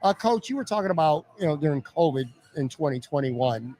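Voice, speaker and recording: A man's voice: fairly high pitch, expressive, a little fast, mellow. A man hosting a live podcast interview at a pizza restaurant, asking long, rambling questions. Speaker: podcast host.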